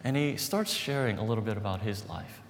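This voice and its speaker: Delivering sermon storytelling, a male pastor speaks fairly fast in a voice on the low side, sincere and conversational as he builds toward forceful points. Long reverb from the hall and faint background noise surround him.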